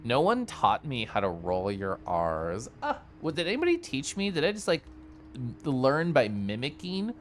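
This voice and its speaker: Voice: mid-range voice, huge pitch swings, normal speed, a little hiss or hum. A game streamer chatting casually on a live stream, reacting to chat with a giggly, chatty manner.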